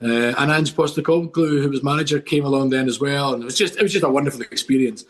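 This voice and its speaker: A man's voice: mid-range voice, quick pace. A middle-aged Scottish man, a podcast guest, telling long stories with enthusiasm and lots of restarts. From Scotland. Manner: enthusiastic rambling storyteller with many restarts. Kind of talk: casual podcast chat.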